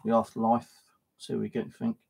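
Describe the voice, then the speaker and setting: A British man chatting casually on a live stream from his flat, blunt and sweary, scolding as he talks. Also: medium pitch, brisk, vocal fry, slight background noise. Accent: British English. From United Kingdom. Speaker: paranormal vlogger. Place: home flat.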